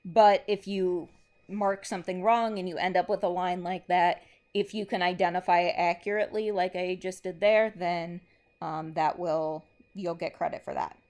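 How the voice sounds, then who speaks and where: A woman's voice: on the low side, fairly even intonation, normal speed, darkish tone. A woman English teacher giving a recorded lesson, methodically explaining step by step while marking a board.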